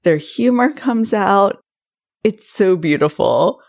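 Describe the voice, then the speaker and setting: A woman in her forties hosting a solo podcast, telling stories in a warm, chatty way. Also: mid-range voice, expressive, slow pace, vocal fry. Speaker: podcast host. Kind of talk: casual solo podcast talk.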